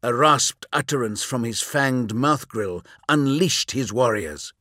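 A man narrating an audiobook in measured, dramatic storytelling. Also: medium pitch, lively intonation, bright, forceful tone, no echo, clean studio sound. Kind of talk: scripted narration.

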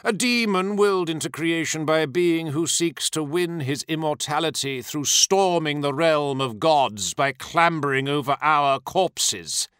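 A man voicing a possessed male demon prince who is silken and mocking, speaking slowly and theatrically. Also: on the high side, fairly bright tone, clean tone, dry recording, studio quality, voice pushed up. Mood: scornful.

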